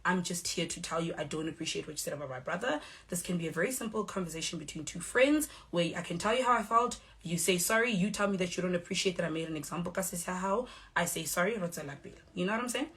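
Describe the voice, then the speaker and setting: Young South African woman, firm and measured, speaking low, recounting events on camera. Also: fairly bright tone. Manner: measured, firm, acts out quoted exchanges. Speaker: reality show cast member. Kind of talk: direct-to-camera statement.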